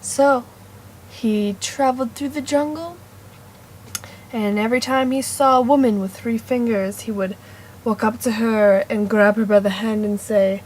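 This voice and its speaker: A woman making up a story on the spot, playful and meandering, with sudden loud bursts and whispered asides. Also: a little high, fairly even intonation, unhurried, a little hiss or hum. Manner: meandering, self-correcting. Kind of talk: improvised storytelling.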